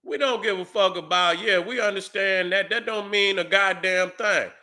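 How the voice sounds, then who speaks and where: Middle-aged male vlogger, angry profane rant, high bright edgy voice, shouts. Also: moderate pace. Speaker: YouTube commentator. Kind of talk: heated commentary to viewers.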